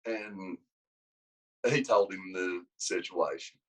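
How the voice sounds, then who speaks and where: A man's voice: deep voice, slow, rough recording. A man, a wrestling coach telling a long story in an interview, rambling and restarting his sentences. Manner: rambling with many restarts, lively when acting out quotes.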